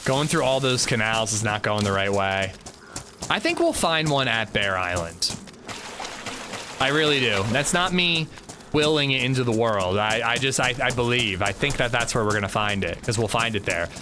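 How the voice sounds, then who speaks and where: A man's voice: medium pitch, lively intonation, moderate pace, over music. A man streaming a video game, chatting casually and rambling jokily to his viewers. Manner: rambling, jokey, talks to chat. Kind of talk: casual livestream chat.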